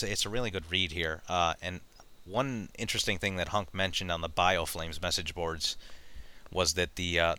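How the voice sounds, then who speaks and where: A man's voice: sits low, pushed and bright, smooth. A man hosting a casual gaming podcast, reading out news items and chatting with many fillers and frequent laughs. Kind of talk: casual chat.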